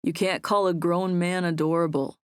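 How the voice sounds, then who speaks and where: A woman voicing an easygoing young man who speaks in a relaxed, matter-of-fact way in an audiobook. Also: fairly low pitch, normal speed, smooth, no echo, clean studio sound, natural voice. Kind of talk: audiobook dialogue.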